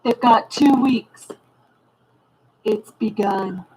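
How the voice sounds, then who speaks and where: A woman's voice: mid-range voice, extremely slow, a little mellow, a little hiss or hum, low-quality recording. A woman narrating a conspiracy commentary over video clips, with speculative, insinuating asides.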